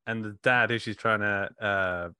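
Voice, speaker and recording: A joking man co-hosting a casual chat, his lowish voice bright and crisp in tone. He laughs easily between quips. The sound is close and dry. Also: steady tone, measured pace, dry recording. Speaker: podcast co-host.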